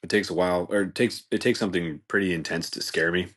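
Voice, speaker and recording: Male podcast host, deep low voice, laid-back rambling comedic monologue. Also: fast, a bit bright. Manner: rambling, laid-back, says "dude" and "like" a lot, laughs at his own jokes.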